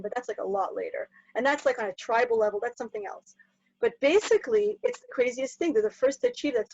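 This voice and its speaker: High-voiced animated woman teaching. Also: no room sound. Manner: animated, acts out characters in bursts. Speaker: Torah teacher. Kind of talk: lively classroom lesson. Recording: dull muffled dry recording.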